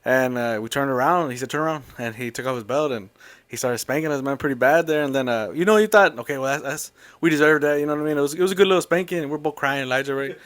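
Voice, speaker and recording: A man telling a long family story in a casual, rambling, animated way. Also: medium pitch, fast talker.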